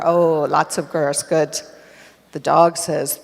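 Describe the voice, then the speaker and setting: A woman telling an interactive children's story at a church service, animated and directing children as they hold up props. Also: low-pitched, slow, vocal fry. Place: church sanctuary. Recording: echoey church hall.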